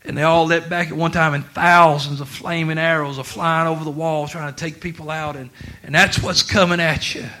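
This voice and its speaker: Bright-voiced preacher man, drawl. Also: on the high side, level tone, brisk, few pauses, a little hiss or hum. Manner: swings from quiet to shouting, laughing through lines. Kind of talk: sermon.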